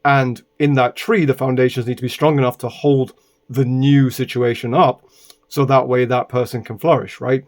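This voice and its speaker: A man raised in Britain, recording a casual vlog indoors. He rambles through a personal story at a middle pitch, leaning on "right?" to keep the listener with him. Exasperated asides break into the telling. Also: little pitch movement, normal speed. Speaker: vlogger.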